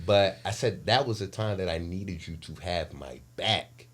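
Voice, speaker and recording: A man in his forties, a podcast co-host, telling a personal story in casual chat with emotional, animated delivery. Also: low voice, measured pace. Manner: animated, emotional retelling with lively shifts in loudness.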